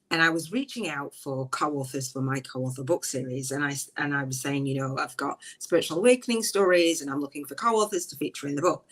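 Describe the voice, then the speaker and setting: A woman hosting a live podcast, chatting casually and emotionally, rambling with restarts and breaking into high laughs. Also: fairly bright tone, slightly rough, rough recording. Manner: frequent high bursts of laughter. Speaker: podcast host. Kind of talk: casual live-stream chat.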